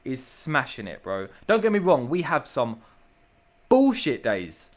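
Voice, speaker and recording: A man's voice: medium pitch, sing-song, unhurried. A man, a business owner, talking as a podcast guest in an enthusiastic, emphatic way, repeating himself and calling the host bro. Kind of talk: casual podcast chat.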